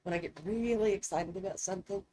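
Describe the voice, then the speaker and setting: A woman's voice: mid-range voice, quick pace, dark tone, a little hiss or hum. A woman co-hosting a casual live chat, chatty and laughing along.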